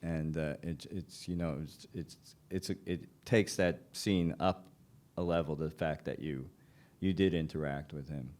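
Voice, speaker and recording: A man moderating a festival panel, asking questions in halting, restarting phrases. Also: rumbling low, steady tone, a little mellow. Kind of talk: panel interview.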